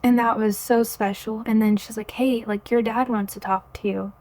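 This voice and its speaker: A woman's voice: fairly high pitch, fairly even intonation, moderate pace, darkish tone. A woman in her twenties, a podcast guest, telling her personal faith story in an earnest, chatty way and often quoting her own thoughts. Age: 20s. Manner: earnest, chatty, full of "like" and quoted inner thoughts.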